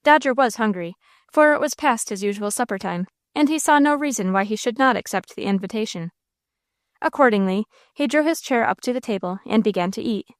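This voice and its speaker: A woman narrating a classic novel as an audiobook. Her reading is steady and clear, with a fairly high voice. The sound is dry and close to the mic. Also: brisk, no room sound. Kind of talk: scripted narration.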